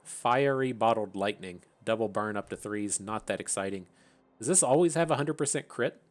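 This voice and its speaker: A man's voice: fairly low pitch, normal speed. A man hosting his gaming channel, thinking aloud in chatty, casual commentary and laughing at his own tangents.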